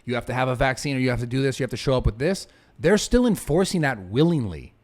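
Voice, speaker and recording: A man hosting a casual podcast, telling stories quickly with a lot of swearing. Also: medium pitch. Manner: quick, swearing, animated storytelling. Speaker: podcast host.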